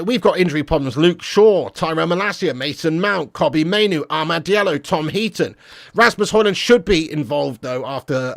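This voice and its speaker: Man, football fan channel host, live-stream chat, slangy and swearing, fairly high voice, dry sound. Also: a bit bright, dry recording. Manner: casual banter, slangy, swearing.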